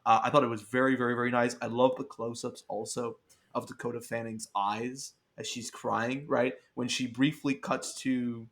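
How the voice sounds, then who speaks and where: A man's voice: mid-range voice, flat delivery, normal speed, fairly bright tone. A man in casual podcast chat, blunt and sweary, laughing often and stacking fillers as he reviews a film. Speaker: podcast guest film critic.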